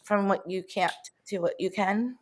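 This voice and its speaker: A woman's voice: medium pitch, moderate pace, a little hiss or hum. Woman host, casual and chatty, affirming tone. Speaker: show host. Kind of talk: conversational interview.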